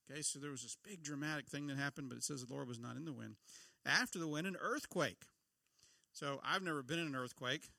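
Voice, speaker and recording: A man's voice: medium pitch, creaky, sharp tone, dry recording. A middle-aged man giving a conversational sermon, often asking his listeners questions. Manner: conversational, asks the audience questions. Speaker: pastor.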